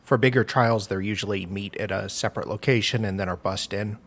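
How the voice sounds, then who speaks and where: A man's voice: lowish voice, steady tone, brisk, a bit bright. A man co-hosting a casual livestream, laid-back and giving brief agreeing replies. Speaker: co-host.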